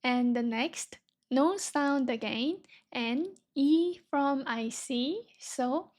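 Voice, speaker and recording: A woman's voice: high-pitched, extremely slow, darkish tone. A young woman teaching a beginner Korean reading lesson, patiently sounding words out syllable by syllable.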